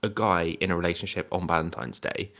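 A man's voice: sits low, steady tone, fast, a bit bright. Rambling, playful podcast co-host man. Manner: rambling, playful, full of fillers and restarts. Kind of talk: casual chat.

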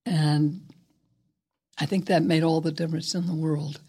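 An older woman, a guest actress, telling stories in an interview in a reflective, unhurried, somewhat hesitant way. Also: deep voice, fairly even intonation, mellow, husky. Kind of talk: interview storytelling.

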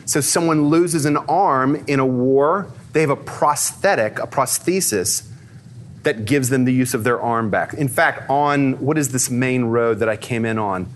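A man giving a lively, conversational talk to a live audience, peppering his speech with fillers and questions for the crowd. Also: mid-range voice, a little slow, slight background noise.

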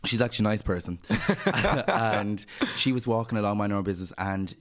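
A man's voice: fairly low pitch, a little fast. A man co-hosting a podcast, telling stories in a chatty way, swearing freely and acting out quotes. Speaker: podcast co-host. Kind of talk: casual chat.

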